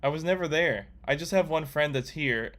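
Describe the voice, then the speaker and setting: A young man from Australia chatting casually while learning to code, rambling and quick to get excited. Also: on the high side. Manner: rambling, excitable, swears when surprised. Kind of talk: casual chat.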